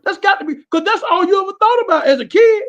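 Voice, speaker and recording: A man talking on a sports podcast in a halting way, often repeating his first words before a sentence gets going. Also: very high-pitched, expressive, a bit bright, highs cut off. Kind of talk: casual sports podcast chat.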